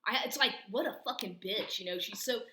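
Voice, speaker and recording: A woman's voice: medium pitch, brisk, sharp tone, echoey room, a little hiss or hum. Agitated, profane woman ranting. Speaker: vlogger. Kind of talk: angry personal rant.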